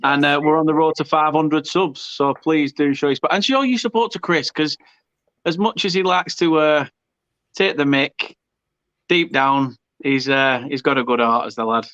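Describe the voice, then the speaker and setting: A man's voice: a little high, steady tone, moderate pace, fairly bright tone, no echo, highs cut off. A man co-hosting a football stream, bantering casually with some hesitant restarts. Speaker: co-host and channel moderator. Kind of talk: casual chat.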